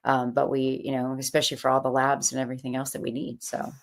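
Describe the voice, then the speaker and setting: A woman guest and author telling her health story in an interview, animated and acting out the voices of people she quotes. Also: extremely low pitch, quick pace. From California.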